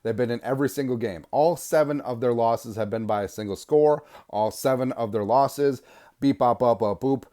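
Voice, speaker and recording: A man hosting a sports podcast, delivering an energetic, sarcastic fan rant. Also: medium pitch, normal speed, few pauses. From Minnesota. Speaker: podcast host.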